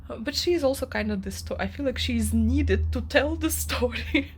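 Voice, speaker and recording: A woman's voice: a little high, animated, moderate pace, a little hiss or hum. A young woman vlogging about a novel she is reading, ranting with strong emotion and many fillers. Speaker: book vlogger. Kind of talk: casual reading vlog monologue.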